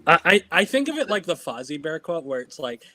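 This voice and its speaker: A man's voice: a little high, fairly quick, no room sound, low-quality recording. A man hosting a casual call show, reading posts aloud and laughing along with them. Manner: animated, laughs while reading. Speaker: podcast host.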